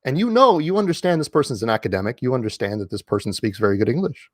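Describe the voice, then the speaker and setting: A man talks to his audience from home in a casual, lecture-like monologue. He leans hard on single words, repeats phrases for emphasis, and fills pauses with ums and restarts. His voice sits at a middling pitch, recorded close and dry with no room echo. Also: animated. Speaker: online commentator. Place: indoors at home.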